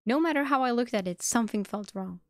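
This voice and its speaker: A woman's voice: medium pitch, fairly even intonation, normal speed, vocal fry, darkish tone, dry recording, clean studio sound, lightly acted. A woman voicing a bitter, furious young man who confronts a rival in a snarling, accusing way.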